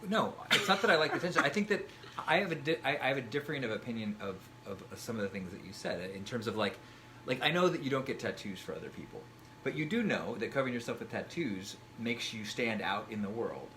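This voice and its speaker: A man in his forties, a guest in a casual chat, talking reflectively with halting restarts. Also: medium pitch, lively intonation, pushed and bright, slight background noise.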